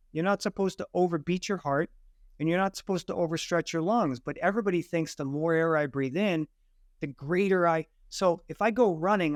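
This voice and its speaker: A man's voice: on the high side, no echo, clean studio sound. A man guesting on a podcast who explains breathing technique in firm, declarative statements. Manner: assertive, declarative teaching. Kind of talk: explanatory interview answers.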